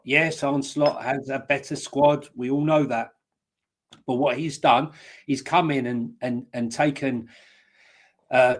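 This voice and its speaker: A man co-hosting a casual football chat, rambling and cracking jokes as he gives his views. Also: medium pitch. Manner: jokey, rambling, with wisecracks. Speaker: co-host and pundit.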